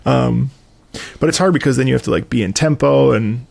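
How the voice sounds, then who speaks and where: A man's voice: medium pitch, fairly quick, vocal fry, a little mellow, dry recording. A man hosting an interview, eager and chatty, asking long rambling questions. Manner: enthusiastic, asks rambling questions. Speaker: interviewer host. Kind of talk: casual interview chat.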